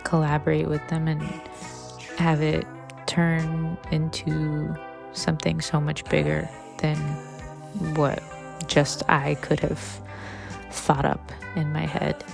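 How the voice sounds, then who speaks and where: Slow, gravelly woman director over music. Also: low voice, completely flat delivery. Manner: rambling, grateful, with fillers. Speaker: film director introducing a podcast. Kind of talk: casual spoken introduction.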